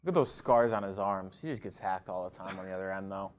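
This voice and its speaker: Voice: low voice, fast, faint music behind. A co-host chatting casually about a live game, laid-back and skeptical, laughing easily. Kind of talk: casual sports banter.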